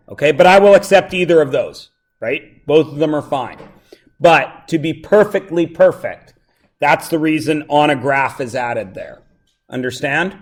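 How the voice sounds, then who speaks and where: A male math teacher with a voice that sits a little high, talking a class through a review in a loose, joking way. He wanders off on tangents, then pulls back to the answers, checking often that everyone follows. It is a plain classroom lesson. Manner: joking, digressive, keeps checking students follow.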